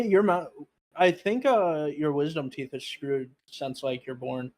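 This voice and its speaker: A man's voice: on the high side, lively intonation, unhurried, a little mellow. A young man in casual stream chat, easygoing and teasing.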